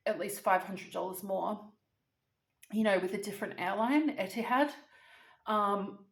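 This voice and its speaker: A woman telling a story vlog-style in a chatty, animated, casually swearing way. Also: medium pitch, roomy sound. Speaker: vlogger.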